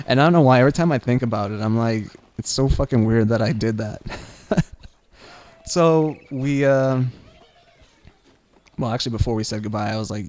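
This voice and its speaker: A man's voice: mid-range voice, moderate pace, long pauses, darkish tone. A young man casually telling a personal story to the camera, rambling with lots of fillers. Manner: rambling, many fillers, laughs while telling. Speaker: vlogger.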